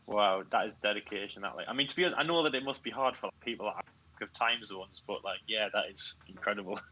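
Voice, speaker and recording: A man's voice: on the low side, quick pace, rough recording. A man from New Zealand, a podcast co-host on a video call, rambling and laughing through casual stories. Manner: rambling, laughing, excitable storytelling. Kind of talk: casual chat.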